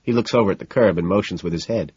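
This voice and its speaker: A man narrating a first-person novel as an audiobook, in a cool, sardonic, deadpan manner. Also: low voice, fast talker, husky, no echo, dull audio.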